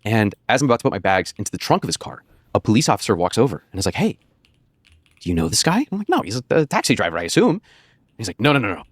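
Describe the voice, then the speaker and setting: A man's voice: lowish voice, big pitch swings, rapid-fire, no echo, clean studio sound. An American man, a podcast guest, telling a rambling anecdote with laughter and swearing. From United States. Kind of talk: casual storytelling on a podcast.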